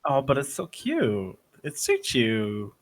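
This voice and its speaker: A man's voice: mid-range voice, huge pitch swings, takes it slowly. A man playing a tabletop role-playing game, speaking in character in a teasing, playful way.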